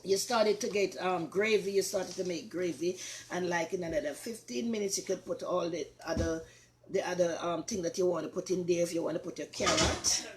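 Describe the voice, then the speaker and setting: Older Jamaican woman host, lowish voice, chatty and repetitive, faint hiss. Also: brisk. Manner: chatty, repeats herself, warm asides to viewers. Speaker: talk show host. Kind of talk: casual cooking chat.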